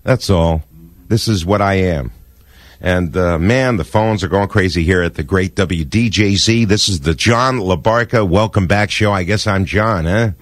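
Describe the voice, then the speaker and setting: A man's voice: low-pitched, a little slow, dry recording. An older man hosting a radio show, talking in an effusive, sentimental, rambling way from a studio microphone. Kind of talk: warm casual radio talk.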